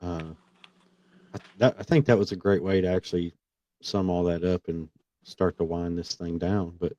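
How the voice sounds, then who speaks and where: A man with a dark, mellow voice shares a personal story in an easygoing conversation, sounding earnest and getting animated as he goes. The audio is a little dull and lo-fi, and the sound is dry and close. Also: deep voice, moderate pace, dry recording. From Missouri. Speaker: podcast host.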